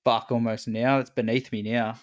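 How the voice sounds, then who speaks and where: A man's voice: medium pitch, little pitch movement, moderate pace. A man co-hosting a casual podcast chat, laid-back, swearing often and laughing a lot. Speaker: podcast co-host.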